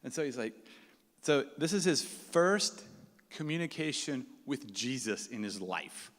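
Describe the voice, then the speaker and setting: A man's voice: mid-range voice, lively intonation, unhurried, a bit bright. A man tells a story live to an audience. His voice sits in a middle range, and he talks in a chatty way, acting out the lines of the people he describes. The sound carries a long reverb from a large hall. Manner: conversational, acts out quoted dialogue.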